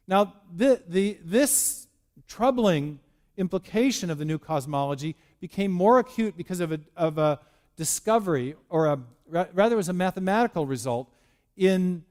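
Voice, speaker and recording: A man's voice: sits high, a little mellow. A man giving a public lecture, explaining step by step with frequent restarts and repeated words.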